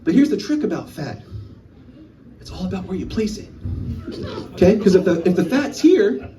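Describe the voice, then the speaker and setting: Animated male stand-up comic, heard from a distance. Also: high voice, moderate pace, a little hiss or hum. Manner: animated storytelling, acting out voices. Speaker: stand-up comedian. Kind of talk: stand-up comedy set. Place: small live venue. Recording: voice from a distance in a small room.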